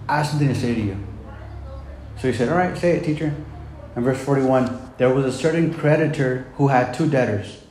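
Mellow-voiced casual preacher man. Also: medium pitch. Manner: casual and conversational, says "man" and "right?" often; retells the scripture in plain everyday words. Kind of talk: sermon. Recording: echoey room with faint background noise.

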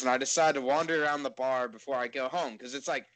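A man's voice: mid-range voice, fairly even intonation, quick pace, fairly bright tone, rough recording. A man in casual storytelling chat, rambling and laid-back, swearing and laughing at himself.

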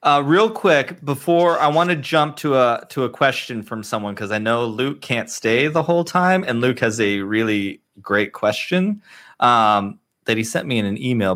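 A male podcast host leads a casual group discussion in a mid-pitched voice. He gushes freely and fills his sentences with "like.". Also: fairly bright tone. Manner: gushing, with many "like" fillers.

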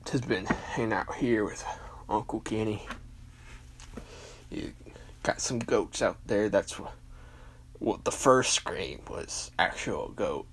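A man's voice: sits low, creaky, a little hiss or hum. A man in his forties with a Southern US accent, hosting a podcast in a casual, rambling monologue full of fillers and restarts, with folksy country talk. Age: 40s. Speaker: podcast host.

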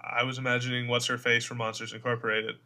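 A man's voice: medium pitch, monotone, fast, bright, forceful tone. A man playing a tabletop game, describing his character's actions in a matter-of-fact way. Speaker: player. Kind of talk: casual tabletop role-play.

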